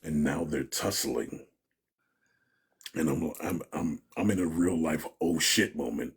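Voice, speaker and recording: Deep husky man telling a story. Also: unhurried. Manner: animated storyteller, acts out quotes, laughs often. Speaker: interview guest. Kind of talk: casual storytelling.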